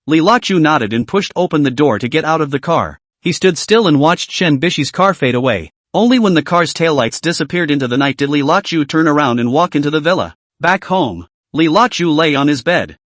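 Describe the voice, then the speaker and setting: A man narrating a story recap in a steady, scripted storytelling manner. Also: fairly high pitch, dry recording.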